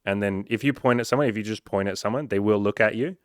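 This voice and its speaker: A man's voice: lowish voice, quick pace, clean tone, no room sound, studio quality. A man talking as a dating coach in a casual, blunt monologue full of swearing. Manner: blunt and profane, conversational.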